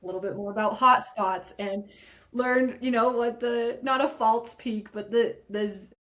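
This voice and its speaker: A woman who is a trail runner, a guest on a podcast, recounting a hard race with expressive, laughing talk. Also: on the high side, unhurried. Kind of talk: casual interview chat.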